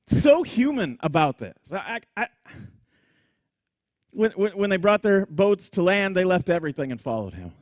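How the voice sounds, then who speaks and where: Lively, animated man preaching a sermon. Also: fairly high pitch, moderate pace, dry recording. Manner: animated storytelling, laughs often, acts out scenes. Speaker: pastor.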